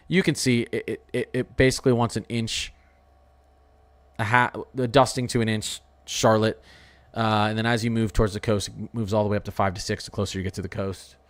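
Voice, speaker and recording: Excitable man with a smooth voice. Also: on the low side, normal speed. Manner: excitable, rambling, full of exclamations. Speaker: weather livestream host. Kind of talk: casual livestream commentary.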